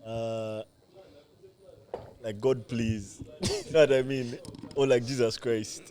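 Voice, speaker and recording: A man's voice: mid-range voice, steady tone, slow, darkish tone. Laid-back man, mumbling podcast chat. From Uganda. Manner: laid-back, drawling, often drops to a mumble. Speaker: podcast co-host. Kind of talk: casual chat.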